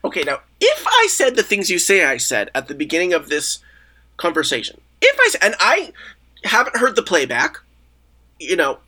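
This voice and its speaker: A man's voice: high-pitched, wildly swooping pitch, moderate pace, pushed and bright. A man as a comedic podcast guest in an improvised interview, rambling, stammering and justifying himself.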